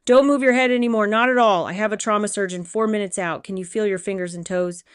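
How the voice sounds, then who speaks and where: Woman reading korean-accented mob boss guy, 30s, quiet and controlled, smooth clear voice. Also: mid-range voice, fast, no echo, clean studio sound, lightly acted. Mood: gentle. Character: calm, menacing male crime boss in his thirties.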